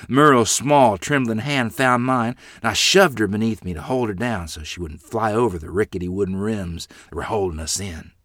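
A man's voice: fairly low pitch, normal speed, few pauses, a bit bright, dry recording. A man narrating a family memoir with dramatic, vivid emphasis. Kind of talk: storytelling memoir reading.

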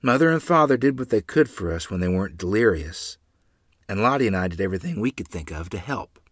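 A man narrating a first-person memoir in an earnest, measured storytelling manner. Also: lowish voice, animated, husky, dry recording.

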